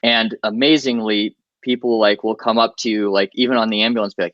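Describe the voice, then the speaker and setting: A man's voice: fairly low pitch, steady tone, fairly quick, no room sound, dull audio. A male medic talking as a guest on a podcast, practical and chatty, with a lot of "you know" fillers. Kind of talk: casual podcast interview.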